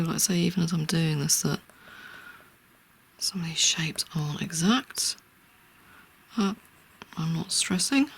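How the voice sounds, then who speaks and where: An art tutor talking through a real-time drawing tutorial in a soft, often half-whispered, reassuring way. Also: medium pitch, gravelly, husky.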